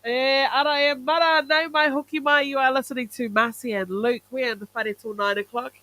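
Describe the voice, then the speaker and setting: A woman co-hosting breakfast radio, throwing in quick teasing quips. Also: high voice, fairly even intonation, sharp tone, no echo. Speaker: radio co-host. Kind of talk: casual breakfast radio banter.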